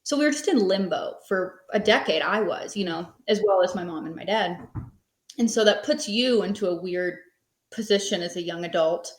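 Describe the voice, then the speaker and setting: In an echoey room, a podcast guest in her thirties who runs a small business recounts her story in a loose, filler-heavy, conversational style. She has an expressive, mid-range voice and speaks at a moderate pace during this casual interview.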